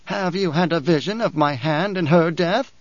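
A man voicing a shrewd, proud old woman, a Reverend Mother, speaking slowly and cuttingly in a higher voice. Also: no echo, muffled recording, lightly acted. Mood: haughty. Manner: slow, haughty, cutting.

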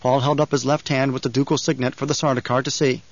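Steady male narrator for a novel; dry, muffled read. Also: mid-range voice, quick pace, no echo. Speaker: audiobook narrator. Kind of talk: scripted narration.

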